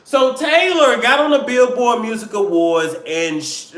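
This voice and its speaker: A man hosting a live-stream celebrity gossip show, animated and joking, sometimes slipping into mock accents. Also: very high-pitched, a little slow, few pauses, reverberant.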